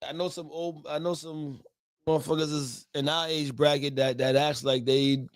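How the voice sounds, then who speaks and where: A man's voice: a little high, fairly even intonation, moderate pace. A man hosting a casual livestream talk show, loose and slangy, half-singing his intro. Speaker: host.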